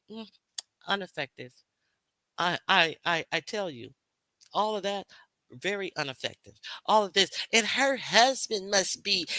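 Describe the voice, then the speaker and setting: A bright, sharp-toned woman delivers a confrontational, expletive-laden rant to her livestream audience. She circles back over the same points and hurls questions at her detractors, all in a close, dry-sounding recording. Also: fairly low pitch, no echo. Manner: confrontational, profane, repetitive. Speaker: livestream host. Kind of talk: heated unscripted rant to viewers.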